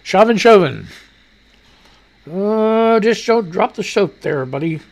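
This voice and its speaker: Male radio host, gravelly and sarcastic, lively pitch, rambling news commentary. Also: unhurried. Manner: crude, mocking, rambling asides.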